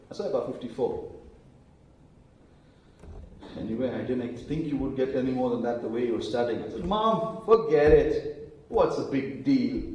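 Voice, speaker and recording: A man preaching a sermon, telling stories and acting out quoted lines in hushed voices. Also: medium pitch. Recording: very echoey hall, voice from a distance.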